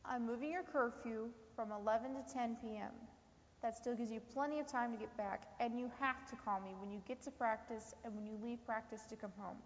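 A woman's voice: on the high side, steady tone, fairly quick, close to an everyday voice. A woman playing a firm mother questioning her teenage son about breaking curfew, in a church skit. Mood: calmer, firm. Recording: lo-fi, echoey hall.

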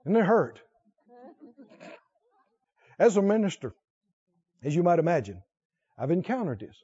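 A man's voice: sits high, sing-song, a little slow, dark tone, breathy edge, lo-fi sound. A male preacher delivering a sermon, talking with animation, questioning the crowd and laughing now and then.

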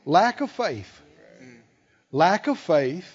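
A man's voice: high-pitched, extremely slow, breathy edge. A middle-aged male preacher delivering a sermon, acting out quoted conversations with humor. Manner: animated, acts out quoted dialogue with humor. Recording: dull lo-fi sound with long hall reverb.

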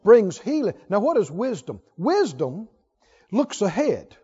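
A man preaching a sermon with animated delivery, leading the congregation in call-and-response. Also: high voice, measured pace, slightly rough, muffled recording. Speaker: pastor.

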